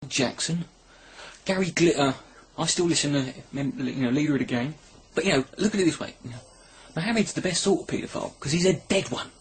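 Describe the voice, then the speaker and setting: A man's voice: on the high side, fairly quick, a little hiss or hum. A man rambling through a crude, sarcastic comedy monologue, filming himself at home on his camera. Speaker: comedy vlogger. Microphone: camera mic.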